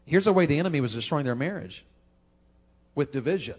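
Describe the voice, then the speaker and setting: A man's voice: animated, a little fast, breathy edge. Folksy preacher man. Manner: folksy, repeats words, rises high for emphasis. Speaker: pastor. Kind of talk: sermon.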